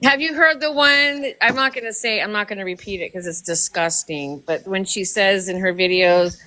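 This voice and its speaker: A woman's voice: medium pitch, moderate pace, sharp tone. A woman hosting a casual group chat, gossiping and laughing often.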